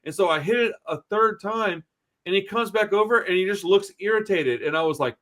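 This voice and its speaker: A man's voice: high-pitched, quick pace, a bit bright. Blunt, profane man telling rambling stories. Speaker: podcast host. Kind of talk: casual chat, storytelling.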